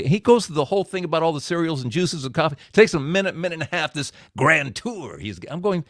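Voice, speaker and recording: A man delivering a men's devotional message as a story, his pitch swinging widely as he acts out the scenes. The sound is dry and close, with no room echo. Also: quick pace, hardly any pauses. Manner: storytelling, animated with acted quotes.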